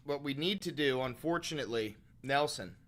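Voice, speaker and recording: A man's voice: mid-range voice, lively intonation, moderate pace, a bit bright. A young man hosting a livestream, talking casually and swearing a lot, muttering worries to his chat. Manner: profane, angry outbursts. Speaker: streamer host.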